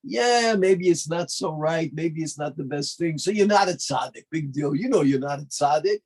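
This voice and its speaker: A man's voice: fairly high pitch, a little mellow, slightly rough. A man playing the wheedling evil inclination. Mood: coaxing. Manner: wheedling, quick and persuasive. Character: coaxing male evil-inclination tempter spirit.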